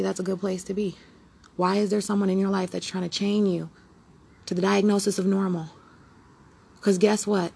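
A woman hosting her own podcast in a rambling, preachy motivational monologue that swings between loud and hushed. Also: mid-range voice, creaky, breathy edge. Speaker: podcast host.

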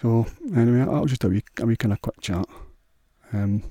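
A man's voice: mid-range voice, fairly quick, dark tone, no room sound, clean studio sound. A man with a Scottish accent hosting a solo podcast, rambling in a crude, sweary, offhand way. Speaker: podcast host.

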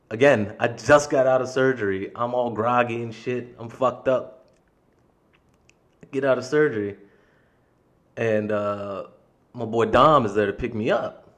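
A man hosting his own podcast, telling stories in a candid, profane, rambling way. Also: medium pitch. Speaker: podcast host. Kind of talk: casual solo podcast storytelling.

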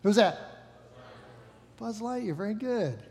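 A man with a high-pitched voice preaches a sermon in an easy, joking way. He stops to correct himself and talks to the room like friends. The sound rings with the long reverb of a large hall. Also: animated, measured pace, darkish tone. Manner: casual, joking, self-correcting. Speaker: pastor. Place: church hall.

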